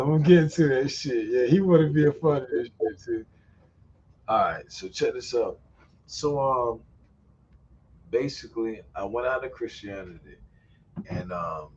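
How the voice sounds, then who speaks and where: A man in casual chat, laid-back and slangy, often pausing with fillers. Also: medium pitch, darkish tone. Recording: dull lo-fi sound, faint background noise.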